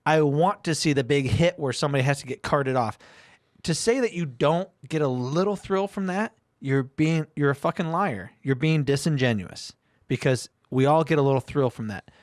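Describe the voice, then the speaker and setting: A man with a fairly high voice argues his point bluntly, swearing freely as he pushes the listener. The sound is dry and close, with no room around it. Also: normal speed, no room sound. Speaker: podcast co-host. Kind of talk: opinionated casual talk.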